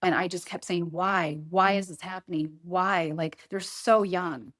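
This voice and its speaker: A woman's voice: on the low side, steady tone, a little slow, a bit bright. A middle-aged woman speaking earnestly as an interview guest, often repeating herself and quoting her own thoughts. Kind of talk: emotional interview conversation.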